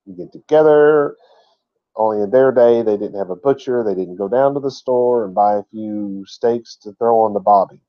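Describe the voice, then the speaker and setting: A man's voice: mid-range voice, normal speed, muffled recording. A man teaching a word-by-word scripture lesson in a folksy, chatty way, with asides. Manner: folksy and chatty, laughs at his own asides. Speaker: Bible teacher.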